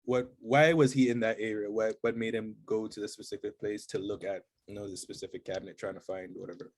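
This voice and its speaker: Low-voiced man playing a tabletop game. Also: steady tone. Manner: halting, laughing and playful. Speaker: player.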